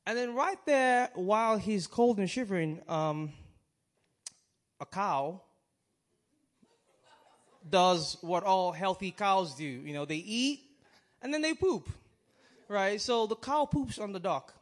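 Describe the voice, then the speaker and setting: A man's voice: high-pitched, expressive. A man preaching a sermon in a conversational way, with restarts and questions to the audience. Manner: conversational, halting, with restarts and chuckles.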